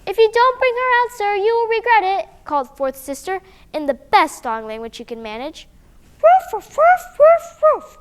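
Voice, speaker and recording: A woman voicing a brave little girl who barks like a dog, with shrill barking and bold shouting. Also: wildly swooping pitch, a little slow, heavily acted.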